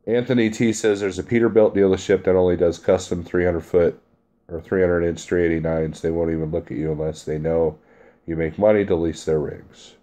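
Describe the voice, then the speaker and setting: A man's voice: sits low, steady tone, a little fast, mellow. A man who drives a truck, chatting casually on a live stream and reading out viewer comments in a blunt, chummy way, laughing easily.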